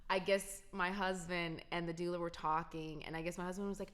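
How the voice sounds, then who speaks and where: A woman's voice: on the low side, flat delivery, brisk, hardly any pauses, fairly bright tone. A young adult woman telling a personal story to her viewers in a casual, emphatic way. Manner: emphatic, talks straight to viewers. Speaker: vlogger.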